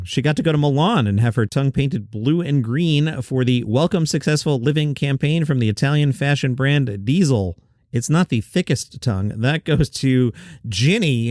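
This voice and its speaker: A man's voice: medium pitch, a little mellow, dry recording, studio quality. A man hosting a light news round-up, chatty with joking asides. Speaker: host. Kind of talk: upbeat news round-up with jokes.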